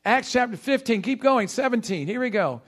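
A male pastor preaching a sermon, leading call-and-response with his congregation and shifting between quick bursts and slow, stressed phrases. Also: very high voice, expressive, a bit bright.

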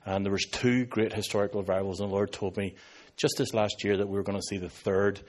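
Joking Northern Irish pastor. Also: male voice, lowish voice, little pitch movement, fast talker, darkish tone. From Northern Ireland. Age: 50s. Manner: joking, sarcastic asides to an audience. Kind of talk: sermon.

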